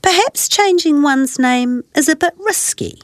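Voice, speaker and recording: A woman's voice: high voice, animated, a little slow, no echo, pitched above the performer's own voice. Little male teddy bear, woman doing the voice, questioning, dry and close. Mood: hopeful. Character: shy young male teddy bear, easily saddened.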